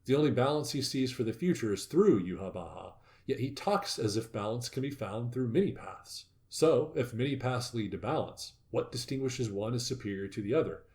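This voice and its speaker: A man hosting a casual discussion, reading notes aloud and growing loudly excited, with some swearing. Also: medium pitch, normal speed, hardly any pauses. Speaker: podcast host.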